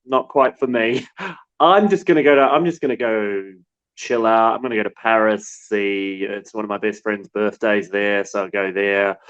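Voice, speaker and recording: A man from New Zealand, a war correspondent, telling stories in a relaxed, halting way. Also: fairly low pitch, clear, resonant tone, dull audio. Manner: relaxed storytelling with many restarts. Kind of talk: casual remote interview.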